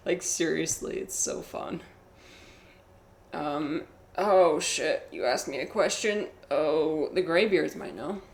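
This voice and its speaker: A woman's voice: sits low, slow pace. A young woman streaming a game, chatting casually with her viewers and laughing often. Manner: giggly, chatty, reacts to chat. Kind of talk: casual chat while gaming.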